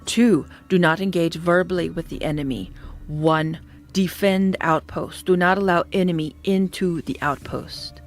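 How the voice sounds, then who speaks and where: A woman's voice: lowish voice, a little slow, faint music behind. A woman voicing a cold, stern Russian woman soldier in her thirties, with a Russian accent and curt, clipped orders. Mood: cold, commanding.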